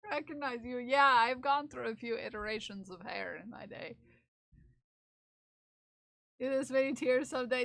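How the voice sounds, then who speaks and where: A woman's voice: high-pitched, fairly even intonation, a little slow, bright, forceful tone, no room sound. A woman streamer chatting casually with her viewers, reading their messages aloud and laughing often. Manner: chatty, giggly, reads chat aloud. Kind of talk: casual live-stream chat.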